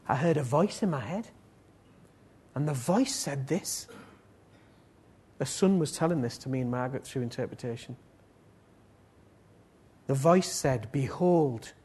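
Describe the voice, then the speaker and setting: There's a breathy edge to this man's voice as he preaches a sermon and leads prayer. He moves back and forth between loud, pleading appeals and soft, low stretches.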